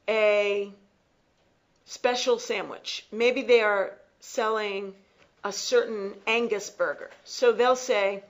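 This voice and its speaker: A woman teaching an English class, explaining slowly and repeating key phrases. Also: medium pitch, steady tone, highs cut off. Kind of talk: classroom lecture.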